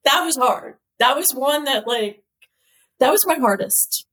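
A woman who is a company CEO and cosmetic chemist, telling stories as an interview guest in a lively way, laughing often and using lots of "like.". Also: sits high, a little slow. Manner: lively storyteller, laughs often, many "like" fillers. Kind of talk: casual chat, telling stories.

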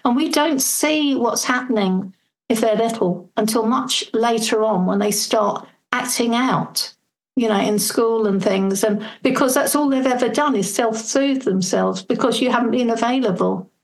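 A woman's voice: fairly high pitch, moderate pace, creaky, low-quality recording. Earnest woman giving parenting advice. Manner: earnest, fluent, explains with acted-out examples. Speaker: parenting and life coach guest. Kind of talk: conversational advice in a podcast interview.

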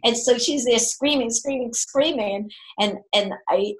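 Older woman, conversational parenting talk, lively storyteller who voices her quotes. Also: a little high, measured pace, low-quality recording. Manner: animated, acts out quoted voices, laughs often.

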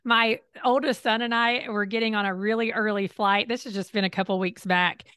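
A woman hosting a podcast, chatting casually, reacting quickly and laughing along. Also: medium pitch, steady tone, fairly bright tone, clean tone, dry recording. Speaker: podcast host. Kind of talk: casual interview chat.

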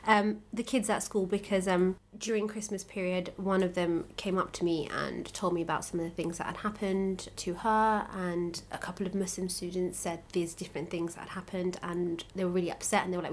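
A woman schoolteacher, a guest chatting casually on a podcast, who tells animated stories and laughs often. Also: mid-range voice, moderate pace, few pauses, slight background noise.

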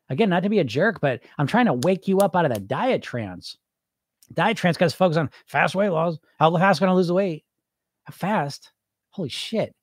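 A weight loss podcast host speaks bluntly and emphatically in a casual monologue, laughing often and putting on mock voices to quote what dieters say. His voice is fairly high-pitched, recorded in clean studio sound with no room sound.

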